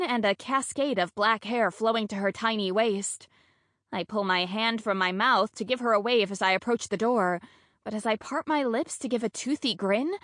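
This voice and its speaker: A woman narrating a first-person romantic comedy audiobook in a lively, comic, self-deprecating way. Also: mid-range voice, no echo, clean studio sound.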